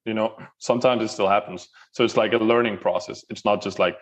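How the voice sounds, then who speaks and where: A man's voice: fairly low pitch, fairly even intonation, fairly quick. A man, a guest in a casual roundtable, talking hesitantly with many fillers.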